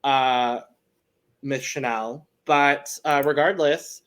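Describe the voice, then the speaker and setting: A man's voice: mid-range voice, fairly even intonation, slow pace, fairly bright tone, smooth. A man co-hosting a podcast in casual chat, laughing often and wrapping up the episode. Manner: chatty, laughs often, wraps up the show. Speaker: podcast co-host.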